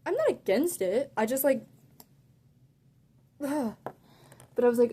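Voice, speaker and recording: A teenage girl rants through a casual storytime, her voice sitting a little high. She talks with sass and animation, filling her sentences with "like" as she reacts to everything. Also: moderate pace, pauses often, breathy edge. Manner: sassy, animated, heavy use of "like". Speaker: vlogger.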